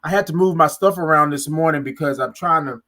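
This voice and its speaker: A man hosting a casual morning livestream, greeting viewers by name with drawn-out sing-song hellos and lots of "y'all" on a close mic. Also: fairly high pitch, sharp tone. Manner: Southern US vernacular, "y'all". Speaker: livestream morning show host. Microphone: close mic, moved nearer.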